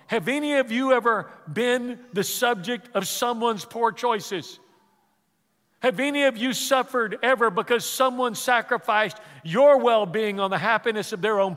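Bright-voiced pastor preaching in a reverberant hall. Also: male voice, high voice. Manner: storytelling, repeats words, drops to a hush for quoted grief. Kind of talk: sermon.

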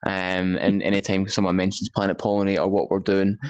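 A man's voice: deep voice, completely flat delivery, brisk, a little mellow, smooth, lo-fi sound. A man in casual podcast chat as a guest developer, hesitant with many fillers and frequent laughter.

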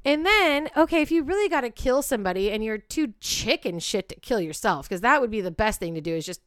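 Smooth-voiced woman recounting a crime, blunt. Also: on the high side, big pitch swings, brisk, no echo, studio quality. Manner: blunt, profane, builds to heated outbursts. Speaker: podcast co-host. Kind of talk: true crime podcast narration.

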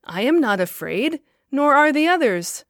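A woman voicing a kindly male apostle who speaks gently and reassuringly, in a storybook reading. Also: high-pitched, very animated, measured pace, no room sound, studio quality, pitched above the performer's own voice, heavily acted. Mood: gentle.

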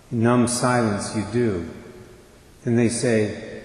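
A man preaching, telling a dramatic story as a sermon illustration and slowing for emphasis. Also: mid-range voice, steady tone, a little mellow. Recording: echoey hall reverb.

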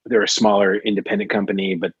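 A man's voice: on the low side, flat delivery, fast talker, slightly rough, dry recording, highs cut off. A man talking as a guest on a casual podcast, explaining his freelance work with many fillers and restarts. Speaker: guest, trading card artist.

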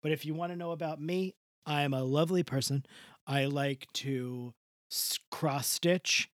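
A man's voice: fairly high pitch, fairly even intonation, a little slow, no echo, studio quality, lightly acted. A man improvising as a bawdy seventy-five-year-old woman in a comedy podcast bit, rambling and crude. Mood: bawdy gossip. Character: bawdy elderly woman playing a famous ex-wife, gossipy, crude.

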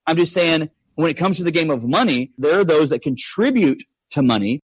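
Husky guy on a podcast, a bit high voice, firing off rhetorical questions. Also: expressive, fairly quick, no room sound. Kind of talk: casual podcast chat.

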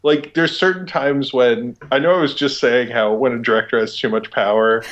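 A young man talks in a loose, rambling way, full of fillers and enthusiasm. His voice sits at an ordinary middle pitch in casual podcast chat. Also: steady tone, normal speed, fairly bright tone, dull audio.

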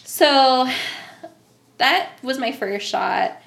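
A woman in her thirties tells a story in relaxed conversation, fast to laugh and free with swearing. Her voice sits a little high and has a gravelly fry running through it. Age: 30s. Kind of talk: casual chat.

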